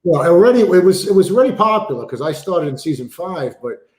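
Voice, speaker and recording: A man's voice: sits high, quick pace, echoey room. A man, an actor guest telling stories in a casual interview with lots of fillers. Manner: animated storyteller, many fillers. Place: remote video call.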